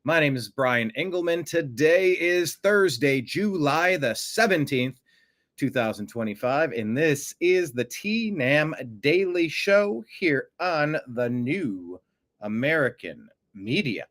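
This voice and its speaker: A man hosts a political commentary show in an animated, sarcastic way. His speaking voice sits fairly high, and he swings his delivery around for effect. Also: slow pace. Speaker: host.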